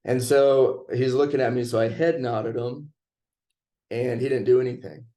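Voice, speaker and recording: A man's voice: mid-range voice, steady tone, moderate pace, warm tone. A young man telling a personal story in a casual chat, laid-back and chuckling as he goes.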